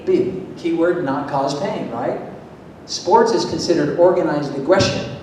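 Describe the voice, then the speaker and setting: Emphatic man speaking in an echoey hall. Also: unhurried. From Florida. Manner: lively, emphatic, asks the audience questions. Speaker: motivational speaker at a school event. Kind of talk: energetic public talk to an audience. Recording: echoey hall, distant mic, faint rumble.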